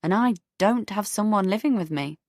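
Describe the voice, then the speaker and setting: A woman's voice: mid-range voice, animated, normal speed, darkish tone, dry recording, studio quality, pitched above the performer's own voice. A woman reading a tense, guarded heroine. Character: anxious young woman, the first-person heroine.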